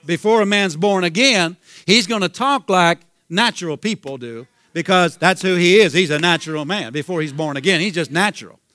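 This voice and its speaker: A man's voice: high voice, normal speed, hardly any pauses, pushed and bright, no echo. Fervent Southern-sounding male preacher. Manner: fervent, repeats himself, calls out hallelujah. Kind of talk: sermon.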